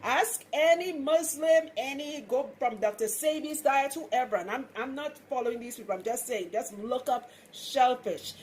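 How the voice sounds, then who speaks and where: A woman's voice: sits high, moderate pace, few pauses, a little mellow, a little hiss or hum. Chatty Trinidadian woman giving hair tips. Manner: chatty, frank, laughs often. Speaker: loctician. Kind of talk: casual how-to vlog.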